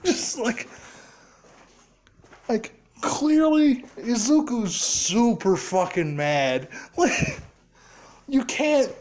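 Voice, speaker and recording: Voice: medium pitch, very animated, very slow, pauses often, a little mellow. A casual storyteller rambling through a fan scenario with frequent laughter, filler words and heavy swearing.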